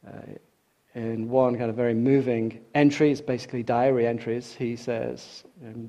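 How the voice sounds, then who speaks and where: A man gives a morning sermon from the pulpit, his voice at an ordinary middle pitch. He speaks earnestly and with emphasis, doubling back on key words to drive them home. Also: little pitch movement, moderate pace, dark tone. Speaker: preacher.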